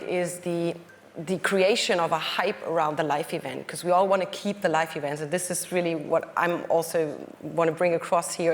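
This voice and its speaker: A woman with a German accent speaking on a conference panel, often pausing with fillers and restarting her sentences. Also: deep voice, in a large hall. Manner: hesitant, many fillers and restarts. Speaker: panelist, company executive.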